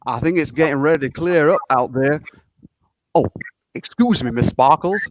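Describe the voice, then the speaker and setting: A man's voice: on the high side, normal speed, dry recording, lightly acted, poor audio. A man reading a film scene with a put-on Southern US accent, voicing a humble, polite male employee. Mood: deferential. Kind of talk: reading a film scene over a video call.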